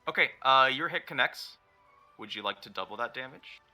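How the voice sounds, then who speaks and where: A man's voice: mid-range voice, animated, a little fast, sharp tone, faint music behind. A man running a tabletop game as dungeon master, narrating with many fillers and easy laughs.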